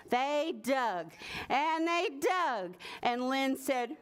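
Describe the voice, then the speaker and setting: A woman's voice: high-pitched, drawn-out words. A woman librarian reading a picture book aloud to preschoolers in a library, asking them questions. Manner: animated, asks children questions. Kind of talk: preschool story time reading. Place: library story room.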